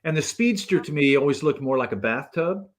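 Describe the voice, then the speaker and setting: Male guest spinning a casual story, lively swooping pitch, acts out each person in it. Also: a little fast. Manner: animated storyteller who acts out the people in his stories. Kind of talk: casual anecdote telling.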